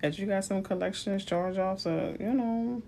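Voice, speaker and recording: A woman's voice: mid-range voice, normal speed, mellow, slight background noise. A woman from New Orleans with a New Orleans accent, a realtor giving chatty, playful advice on a live stream. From New Orleans, USA. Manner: chatty, playful asides to viewers.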